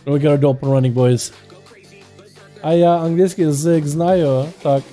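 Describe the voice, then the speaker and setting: A male game streamer with a high voice that has a soft, mellow tone. He chats casually with his viewers and then switches to lively, hyped play-by-play commentary on duels. Faint music plays underneath. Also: normal speed. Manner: energetic, hyped, chatty with viewers.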